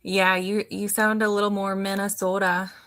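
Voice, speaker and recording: A woman's voice: mid-range voice, little pitch movement, moderate pace, a loud crowd. A woman from Wisconsin, a guest on a livestream, chatting in a playful way. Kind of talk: casual chat.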